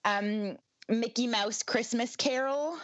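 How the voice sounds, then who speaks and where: A woman's voice: fairly high pitch, slow. A woman chatting casually as a podcast co-host, with lots of ums and restarts and easy laughter. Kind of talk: casual chat. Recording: dry, slightly muffled sound.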